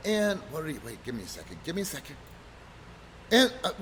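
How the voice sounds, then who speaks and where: A man casually telling rough road stories from his wrestling days, swearing freely and loudly acting out what people said. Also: medium pitch, brisk, a little hiss or hum. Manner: profane, animated, acts out quotes loudly. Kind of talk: casual storytelling chat.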